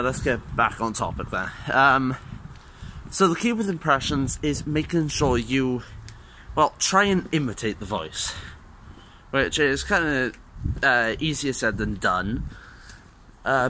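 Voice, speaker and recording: Bright-voiced young Welsh man vlogging outdoors. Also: medium pitch. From Wales. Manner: rambling and offhand, with loose swearing. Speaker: gaming YouTuber. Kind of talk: casual vlog chat. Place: outdoors on a busy street, walking to a bus stop. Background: passing traffic.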